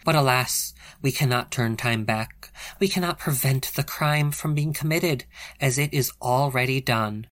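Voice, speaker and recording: A man's voice: medium pitch, measured pace, a bit bright, natural voice. A man voicing a female wolf pack leader who addresses her pack in grand, solemn speeches. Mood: commanding.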